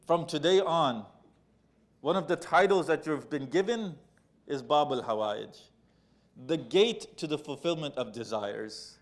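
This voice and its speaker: A man's voice: a little high, a little slow. A man giving a Muharram sermon. He speaks to the audience as brothers and sisters and retells a sacred story, acting out its quoted lines. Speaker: majlis speaker.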